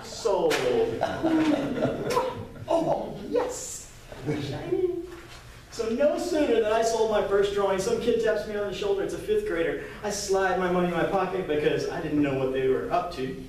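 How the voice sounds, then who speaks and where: High-voiced man telling a story in an echoey room. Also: brisk, a little hiss or hum. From Kentucky, US. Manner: lively, plays out dialogue. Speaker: entrepreneur presenter. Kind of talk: storytelling pitch talk. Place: live event room, indoors. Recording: echoey room, mic far off.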